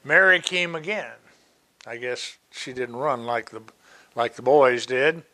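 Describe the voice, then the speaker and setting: A man preaching a sermon, reading Bible verses and explaining them with slow, deliberate asides. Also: medium pitch, bright, forceful tone.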